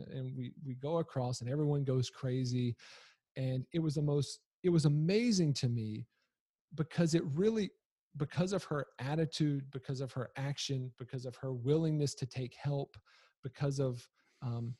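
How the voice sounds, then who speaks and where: A man in his thirties recounts a family story with a husky voice. He talks loosely and conversationally, with fillers and self-corrections, and finds the humor in it. The sound is dry and close. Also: medium pitch, warm tone, no echo. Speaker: storyteller, father. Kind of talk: casual personal storytelling.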